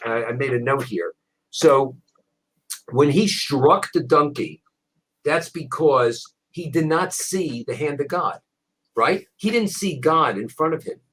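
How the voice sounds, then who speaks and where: A man, a rabbi, teaching a Bible passage in conversation, animated, repeating words as he restarts. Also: medium pitch, a little hiss or hum, rough recording. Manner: animated storyteller with frequent restarts.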